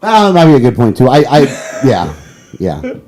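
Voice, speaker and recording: A man's voice: mid-range voice, huge pitch swings, normal speed, a little mellow, slight background noise, low-quality recording. A man hosting a political talk show. He rants heatedly and then apologizes sheepishly.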